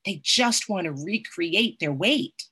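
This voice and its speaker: Middle-aged woman, low voice, earnest personal recovery talk, tag questions. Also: lively intonation, slow pace, sharp tone, husky. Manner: earnest, often adds "right?". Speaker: recovery group speaker.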